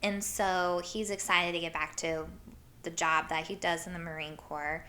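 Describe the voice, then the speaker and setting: A woman's voice: fairly low pitch, flat delivery, normal speed, pushed and bright. A young woman from Iowa hosting her own show, telling stories in a chatty way full of "like" and the odd swear word. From Iowa, USA. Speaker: podcast host. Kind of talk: casual storytelling monologue.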